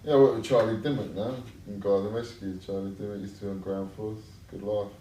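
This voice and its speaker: A man's voice: fairly low pitch, fairly even intonation, brisk, mellow. A man speaking in a hesitant, laid-back way in a casual interview. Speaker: interview guest, son. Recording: echoey room, mic far off, faint noise.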